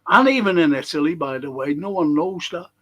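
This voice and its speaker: A man's voice: fairly high pitch, lively intonation, fairly quick, bright, forceful tone, low-quality recording. An older man, co-hosting a casual chat and telling long rambling anecdotes. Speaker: co-host.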